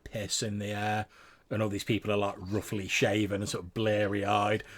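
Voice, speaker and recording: A man's voice: lowish voice, completely flat delivery, moderate pace. A man narrating a tabletop game as game master, rambling with lots of fillers and restarts.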